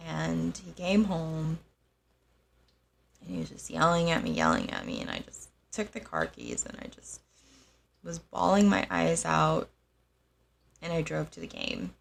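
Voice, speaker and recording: A young adult woman telling a personal story in a halting, soft-spoken way, with frequent pauses. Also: low voice, big pitch swings, gravelly. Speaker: host.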